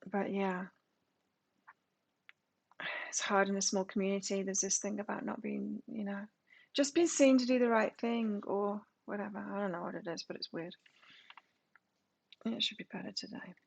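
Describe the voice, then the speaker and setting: A woman's voice: mid-range voice, normal speed, creaky, pauses often. A woman doing a live tarot reading, reading card meanings aloud and then musing on them in a casual way. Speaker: tarot reader.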